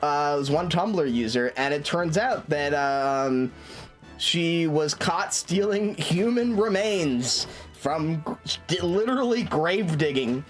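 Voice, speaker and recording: A man's voice: fairly high pitch, expressive, slow pace, soft background music. A man streaming a game, chatting casually and rambling with lots of fillers, restarts and swearing.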